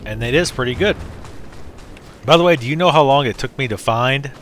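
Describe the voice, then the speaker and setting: A man with a bright, forward voice at a middle pitch talks through his gameplay. His commentary is casual and rambling, full of asides and jokes aimed at his viewers. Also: a little fast, a little hiss or hum. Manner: rambling, jokey, talks while playing. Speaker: let's play host.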